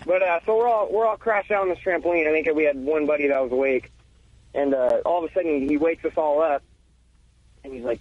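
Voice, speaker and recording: On a phone-in radio show, a male caller with a medium-pitched, fairly quick voice rambles through a story from his childhood. He leans heavily on "uh" and "like" and chuckles often, and the sound is muffled and lo-fi.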